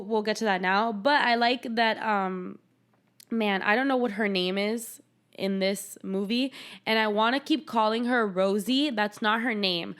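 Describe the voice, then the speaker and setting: A woman's voice: fairly high pitch, a bit bright. A young woman hosting a podcast, recapping a film in casual chat, sarcastic and swearing freely as she retells scenes. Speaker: podcast host.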